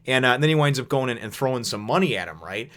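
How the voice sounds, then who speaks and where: Fast-talking man rambling through a recap. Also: medium pitch, lively intonation, fairly bright tone. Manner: rambling, filler-heavy, swears casually. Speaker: manga chapter reviewer. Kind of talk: casual recap and commentary.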